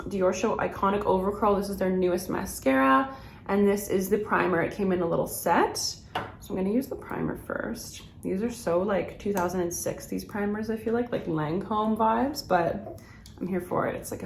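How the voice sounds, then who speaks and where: A woman's voice: mid-range voice, normal speed, vocal fry, roomy sound, slight background noise. A woman, chatting through a makeup routine and rambling with lots of "like" and laughter. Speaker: beauty vlogger. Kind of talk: chatty get-ready-with-me.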